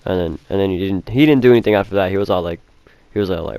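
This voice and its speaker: Brief: young male vlogger, low voice, dry close sound, swears a lot, rambles. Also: very fast, a little mellow, no room sound. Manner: rambling, heavy swearing, lots of fillers. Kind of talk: casual storytime.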